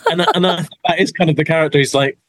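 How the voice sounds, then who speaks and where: A man's voice: on the high side, steady tone, very fast, fairly bright tone, no echo, low-quality recording. An English man, an actor being interviewed, talking in a rambling, self-deprecating way with lots of restarts. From England. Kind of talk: casual interview chat.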